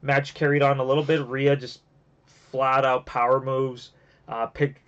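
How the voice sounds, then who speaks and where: A man's voice: mid-range voice, little pitch movement, measured pace, smooth. A man hosting a casual wrestling review show, rambling with lots of fillers and restarts, and getting emotional at times. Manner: gets emotional and teary. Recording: dull lo-fi home recording.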